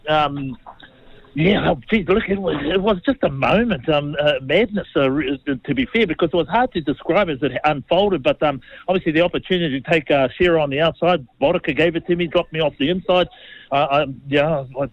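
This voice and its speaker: Appearing as a guest in a relaxed storytelling interview, a former rugby league player from New Zealand, in his fifties, tells meandering, self-mocking tales. He speaks on the high side and a little fast, in lo-fi sound.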